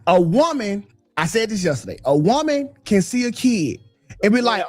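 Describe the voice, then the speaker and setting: Very high-pitched man arguing animatedly. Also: fairly quick, no room sound, faint music behind. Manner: animated, mimics women in a high voice. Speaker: commentator in a played clip. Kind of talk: heated debate argument.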